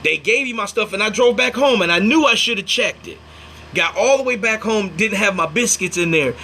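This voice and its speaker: A young man chats on a casual livestream, his voice pitched high with a bright, forward edge. He tells stories animatedly and acts out the people in them. A faint ambient hum sits in the background. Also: fairly quick. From Indiana, United States. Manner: animated storyteller, acts out quotes, thanks viewers mid-story. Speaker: livestream host.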